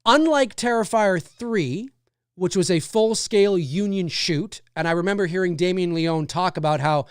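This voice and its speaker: A man's voice: high voice, moderate pace, clean tone, no echo, studio quality. A man hosting a casual livestream, rambling about a horror film and reading viewer comments aloud. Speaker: livestream host.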